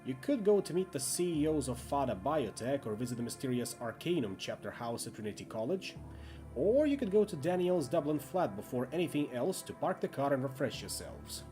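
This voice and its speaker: A man voicing a mild, soft-spoken male companion character. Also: medium pitch, sing-song, fairly quick, soft background music, close to an everyday voice. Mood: helpful.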